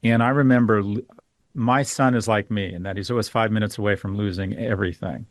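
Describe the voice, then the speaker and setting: Speaking with a fairly low voice, a steady tone, and a brisk pace, this middle-aged man is a financial expert guesting on a podcast. The sound is clean studio audio with no echo, and he shares frank opinions and anecdotes.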